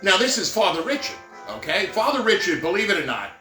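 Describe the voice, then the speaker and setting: A middle-aged professional Santa tells stories in a casual, rambling monologue full of jokey asides, acting out the quoted dialogue himself. His high-pitched voice is sing-song, brisk, pushed, and bright. The room has a roomy echo with faint music in the background.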